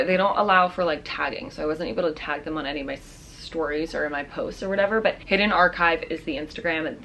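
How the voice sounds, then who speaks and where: A woman's voice: fairly low pitch, fairly bright tone, slight background noise. Bubbly young woman gushing over fashion finds. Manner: bubbly, gushing, slangy, heavy use of "like". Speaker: fashion vlogger. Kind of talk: casual try-on haul chat.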